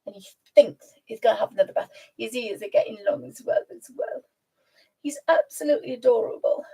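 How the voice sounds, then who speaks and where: A woman's voice: a little high, brisk, creaky, mellow, breathy edge, poor audio. A woman hosting a casual live stream, chatting and cooing at her pet and laughing often. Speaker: host.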